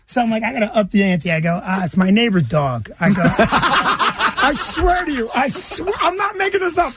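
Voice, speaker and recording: A male comedian guest with an extremely high, lively voice speaks briskly over heavy background noise. He tells a funny story animatedly, laughing between lines and doing the voices of the people in it.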